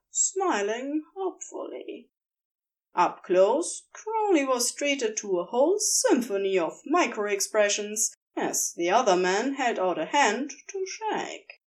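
A woman reading a story aloud, narrating slowly and expressively. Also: on the high side, recorded from a distance. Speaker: podfic reader.

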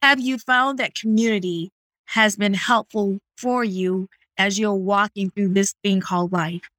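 A woman's voice: medium pitch, steady tone, unhurried, fairly bright tone, no room sound. A woman hosting a faith podcast, responding with encouraging, faith-centered affirmations. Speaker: podcast host.

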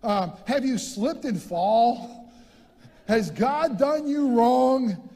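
A man putting on the voice of a pushy male injury lawyer in a TV ad, loud and drawn out. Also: long reverb tail, exaggerated voice. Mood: hard-selling. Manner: loud, drawn-out sales pitch.

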